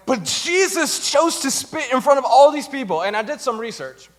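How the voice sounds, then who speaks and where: A young pastor with a very high voice takes his time delivering a comedic sermon on a church stage. He brings his stories to life animatedly, acting out the voices of the people in them.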